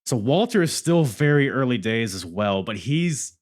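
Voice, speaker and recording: A man's voice: medium pitch, very animated, normal speed. A man hosting a podcast, chatting casually and enthusiastically, laughing and swearing as he talks through wrestling matches. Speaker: podcast host.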